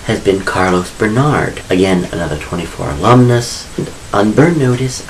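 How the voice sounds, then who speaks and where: A man's voice: low voice, slight background noise, low-quality recording. A man casually talking about his own book in a vlog, chatty and opinionated with wry asides. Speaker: author vlogger.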